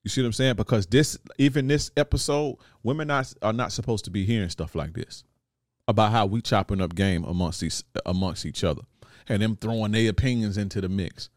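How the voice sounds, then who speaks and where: A man's voice: lowish voice, fairly quick, no echo, clean studio sound. A man hosting a podcast, talking to listeners in a blunt, slangy, profane monologue and often asking if they follow. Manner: blunt, repeats "you see what I'm saying". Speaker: podcast host.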